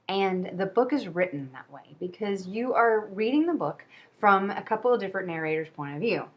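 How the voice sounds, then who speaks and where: A woman hosting a casual book review video, chatty and rambling, poking fun at herself. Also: mid-range voice. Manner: chatty, rambling, self-deprecating. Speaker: book vlogger.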